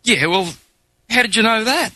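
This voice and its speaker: A man's voice: high-pitched, expressive, moderate pace, bright, forceful tone, no echo, voice pushed up, exaggerated voice. A man voicing a Kiwi customer in a joke he tells, speaking in a plain, matter-of-fact way.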